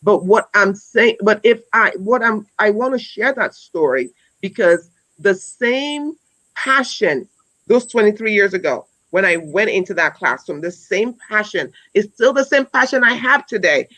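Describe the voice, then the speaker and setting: Her voice is medium in pitch, expressive and fairly bright, delivered at a measured pace over poor audio. The speaker, an educator in her forties, tells a story in a conversational style on a wellness talk, earnest and full of restarts and repeated words, and ends with a push for listeners to act.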